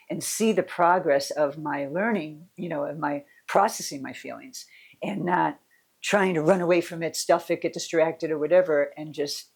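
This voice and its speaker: A woman's voice: low-pitched, gravelly, slightly rough. Middle-aged female coach, casual and candid, meandering personal talk. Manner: candid, rambling, with restarts and soft laughs. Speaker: mental fitness coach.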